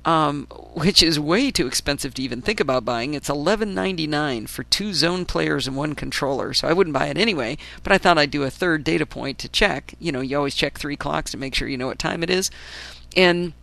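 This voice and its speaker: A woman hosting a casual solo podcast, chatty and enthusiastic with wry asides, her voice still hoarse after a flu. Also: low voice, brisk, a bit bright. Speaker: podcast host.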